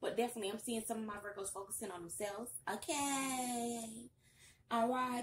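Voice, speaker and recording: A young woman giving a casual tarot reading, chatty and sassy with loud bursts of excitement. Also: on the high side, normal speed, slight background noise. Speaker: tarot reader.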